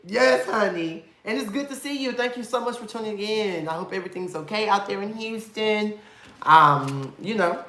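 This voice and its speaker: A man chats on a live stream with a bright, forceful voice. His delivery is sassy and campy, full of slang and swearing, and he sounds affectionate toward his viewers. The sound is roomy and echoey. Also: high-pitched, normal speed. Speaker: host of a live reality TV review stream. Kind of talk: casual live-stream chat.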